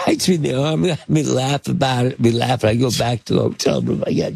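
A man's voice: normal speed, gravelly, slightly rough, no room sound. An older man telling a rambling anecdote as an interview guest, hesitant and full of fillers and restarts. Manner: acts out quotes with sudden pitch jumps. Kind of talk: anecdotal storytelling.

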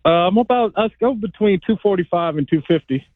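Laid-back ex-player on a phone line. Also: male voice, sits high, expressive, a little fast, dry recording. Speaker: former pro football player, broadcast analyst. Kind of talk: casual phone-in interview.

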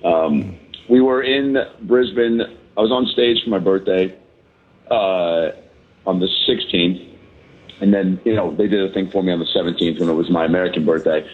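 A hungover male comedian talks from a balcony over a muffled, lo-fi call line. His voice sits low, and he rambles through jokes with plenty of "uh"s and "um"s. The sound is dull and narrow. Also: moderate pace, slightly rough. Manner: joking, rambling, lots of fillers. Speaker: comedian guest calling in. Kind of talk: casual chat on a call. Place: hotel balcony abroad.

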